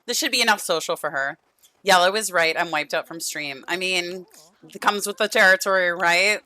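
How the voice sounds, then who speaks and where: A woman's voice: fairly low pitch, moderate pace, bright, forceful tone, no room sound. A young woman streaming a life-sim game, chatting affectionately with viewers and her characters, losing her voice. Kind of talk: casual gameplay stream chat.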